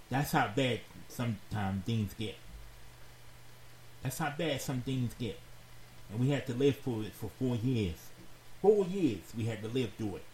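A man hosting a radio talk show, giving heartfelt advice in a slow, earnest, preachy way and repeating phrases for emphasis. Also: lowish voice, darkish tone. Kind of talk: heartfelt advice monologue to listeners. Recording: roomy echoey sound with faint background noise.

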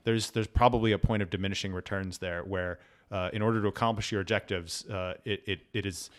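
Low-voiced man explaining calmly. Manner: measured and explanatory, with repeated words and fillers. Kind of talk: casual conversation.

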